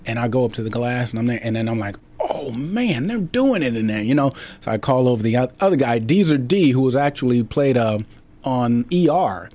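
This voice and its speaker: Halting, rambling man telling stories. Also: medium pitch, dark tone. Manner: rambling, halting, many restarts. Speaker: actor guest. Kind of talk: casual interview storytelling.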